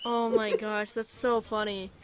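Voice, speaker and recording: A woman hosting a podcast in casual chat, reacting with giggles and drawn-out exclamations. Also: mid-range voice, level tone, a crowd in the background. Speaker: podcast host.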